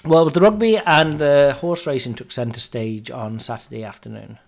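A man's voice: mid-range voice, fairly even intonation, normal speed, gravelly. A man in his forties hosting a podcast, telling a story about a night out in a casual, self-mocking way. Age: 40s. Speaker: podcast host.

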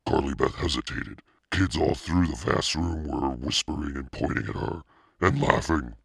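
Very deep, gravelly male storyteller. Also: moderate pace, fairly bright tone, dry recording, studio quality. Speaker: audiobook reader. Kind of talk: storybook narration.

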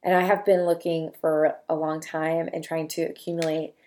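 A young woman hosting a podcast, talking casually to listeners, then reading a long list of feeling words slowly and softly one at a time. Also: deep voice, little pitch movement. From California. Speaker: podcast host.

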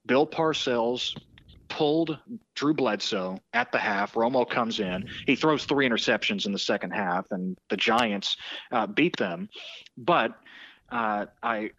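A male sports broadcaster telling anecdotes in a podcast interview, lively and full of restarts. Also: medium pitch, dry recording, dull audio. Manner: animated anecdotes with frequent restarts and quoted voices.

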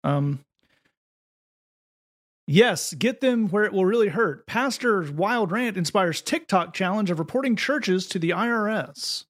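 A man's voice: high-pitched, unhurried. A man hosting a casual podcast chat, talking in a sardonic, mocking way. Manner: sardonic, mocking delivery with animated read-out quotes. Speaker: podcast host.

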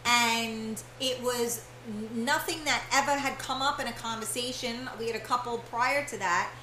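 A woman's voice: a little high, moderate pace, pushed and bright, echoey room, slight background noise, low-quality recording. A woman hosting a live internet radio talk show, talking casually with many fillers and restarts.

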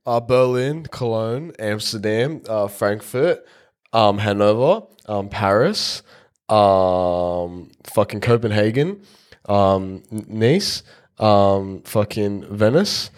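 A man's voice: lowish voice, animated, slow. A young man co-hosting a podcast in casual chat, swearing a lot and teasing, with many ums. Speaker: podcast co-host.

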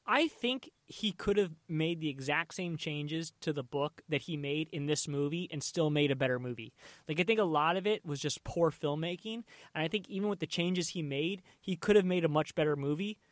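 A man's voice: fairly high pitch, moderate pace, no room sound. A man co-hosting a podcast in casual chat, blunt and emphatic, often repeating himself. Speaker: podcast co-host.

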